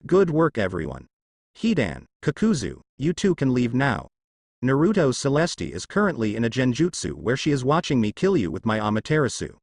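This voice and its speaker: A man voicing a calm, scheming male ninja who speaks with composed assurance in a fan-fiction audio story. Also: medium pitch, moderate pace, creaky, no echo, clean studio sound.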